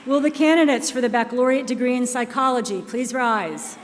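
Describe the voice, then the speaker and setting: A woman announcing names and degrees at a ceremony in a measured, formal manner. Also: on the high side, a faint crowd. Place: large ceremony hall. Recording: long hall reverb, faint ambience.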